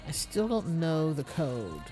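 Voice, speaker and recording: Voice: mid-range voice, huge pitch swings, takes it slowly, dark tone. A streamer giving casual, wry commentary while playing, reading item names aloud. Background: faint game music.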